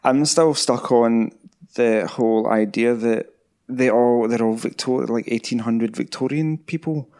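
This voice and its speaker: A man's voice: mid-range voice, unhurried, dark tone. A man co-hosting a podcast, talking casually with wry asides, rambling and correcting himself as he goes. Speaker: podcast co-host. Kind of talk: casual discussion.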